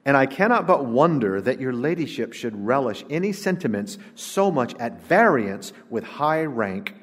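A man's voice: medium pitch, very animated, normal speed, husky. A man voicing a snobbish aristocratic lady in a put-on British accent, lofty and offended, with long church-hall reverb. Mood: indignant.

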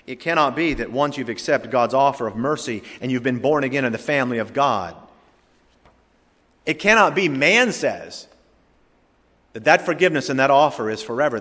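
A man's voice: mid-range voice, animated, normal speed, fairly bright tone. A male pastor preaching an emphatic sermon, speaking directly to his congregation. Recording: reverberant hall.

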